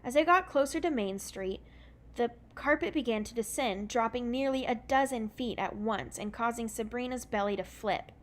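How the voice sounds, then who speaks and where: A woman reading a children's book aloud in a relaxed, unpolished way, correcting her own slips as she goes. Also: a little high, moderate pace. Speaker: reader.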